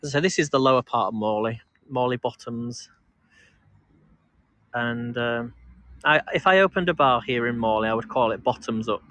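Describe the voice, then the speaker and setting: Walking outdoors through a park, this English vlog host talks to his live-stream viewers at a normal speed in a fairly bright, mid-pitched voice. His chat is rambling, full of restarts and laughter, and the audio has no echo.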